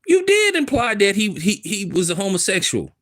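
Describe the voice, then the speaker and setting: A man's voice: high voice, wildly swooping pitch, moderate pace, fairly bright tone. A man giving emphatic, casual commentary, repeating himself for stress in street slang. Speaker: commentary host. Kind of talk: opinionated commentary.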